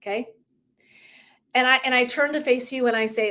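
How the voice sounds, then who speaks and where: A woman's voice: high voice, fairly even intonation, moderate pace, sharp tone. A woman coach giving a live motivational talk, emphatic and profane, who laughs often and acts out little dialogues. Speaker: wellness and life coach.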